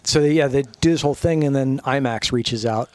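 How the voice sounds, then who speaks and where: A middle-aged man on a podcast as a guest, telling stories in a casual, animated way, swearing freely and acting out what people said. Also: medium pitch, a little fast. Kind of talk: casual storytelling chat.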